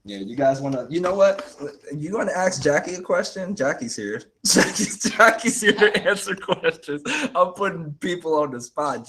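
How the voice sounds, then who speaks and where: A man's voice: on the high side, low-quality recording. Young guy on a livestream, laid back, laughs a lot, voice bounces up and down. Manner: laid-back, laughs often, says "dude" and "y'all". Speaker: motivation coach hosting a livestream. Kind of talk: casual livestream chat.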